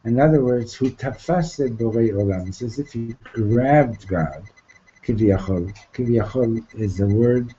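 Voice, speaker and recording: A man's voice: mid-range voice, warm tone, highs cut off, slight background noise. A man giving an informal Torah class. He often repeats himself, asks "right?" and mixes in Hebrew terms that he then translates. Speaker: Torah teacher.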